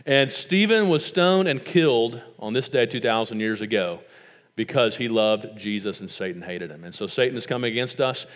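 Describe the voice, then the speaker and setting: A man's voice: medium pitch, animated, normal speed, in a large hall. A man in his thirties with a West Tennessee accent, preaching a sermon with stories and rhetorical questions that build to emphatic points. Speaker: pastor.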